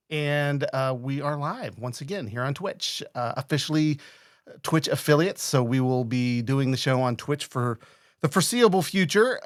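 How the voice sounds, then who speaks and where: A man's voice: fairly high pitch, no room sound, studio quality. A man hosting a live-streamed podcast in casual, upbeat, rambling chat. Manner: upbeat, rambling, laughs often. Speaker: podcast host.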